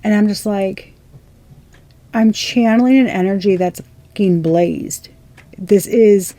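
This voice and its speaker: A woman's voice: mid-range voice, slow, pauses often, warm tone, no room sound. A young woman giving a casual tarot reading, rambling and swearing in amazed disbelief. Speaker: tarot reader.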